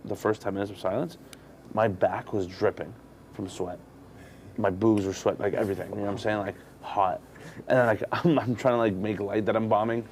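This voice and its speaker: A man with a lowish voice tells stories from the road as a guest comedian. He talks in a loose, candid and profane way, and gets more animated as the story builds. Faint noise sits under the recording. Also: brisk. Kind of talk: casual storytelling.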